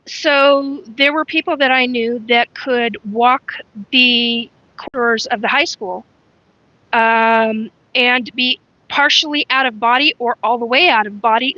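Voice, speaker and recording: A woman's voice: a little high, slow pace, bright, forceful tone, dry recording, highs cut off. A woman hosting a casual live stream, rambling frankly and greeting viewers by name as she talks. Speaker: livestream host.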